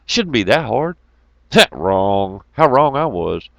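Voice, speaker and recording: A man's voice: medium pitch, slow pace, creaky, dry recording, muffled recording. A man rambling through a casual monologue, swearing freely and laughing as he tells stories. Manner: profane, laughing, animated storytelling.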